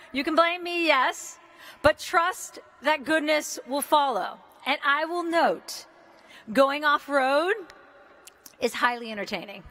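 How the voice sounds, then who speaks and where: A woman in her fifties from the United States gives a commencement speech in a large indoor arena, talking in an energetic, casual and joking way, with mild swearing. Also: high voice. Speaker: commencement speaker.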